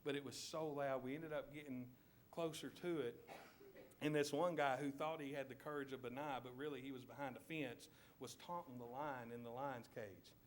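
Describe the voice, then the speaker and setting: A man's voice: mid-range voice, fairly even intonation, moderate pace, slight background noise. A man with a Southern US accent preaching a sermon in church, telling a story vividly and asking his listeners to picture each scene.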